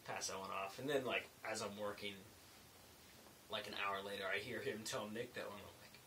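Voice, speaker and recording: Guy a bit far from the mic, soft hiss behind, chatting loosely about his construction job. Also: fairly low pitch, fairly even intonation, brisk. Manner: rambling, loose, with many fillers. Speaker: construction laborer vlogger. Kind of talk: casual late-night storytelling. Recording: faint hiss, mic set back.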